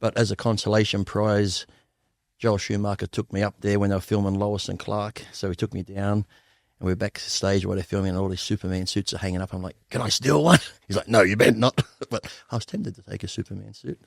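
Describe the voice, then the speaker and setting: A middle-aged Australian man with a rather low voice rattles through blunt, profane anecdotes at a quick clip. He drops into the voices of the people he quotes along the way. The sound is dry and close, with no room around it. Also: level tone, creaky, no echo. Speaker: guest. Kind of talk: casual storytelling interview.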